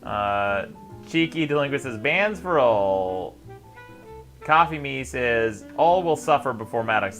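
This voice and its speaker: A male live-stream host with a lively, up-and-down delivery, reading chat messages aloud. He plays the mock tyrant in a sardonic tone and laughs often. Faint music plays behind him. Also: medium pitch, takes it slowly.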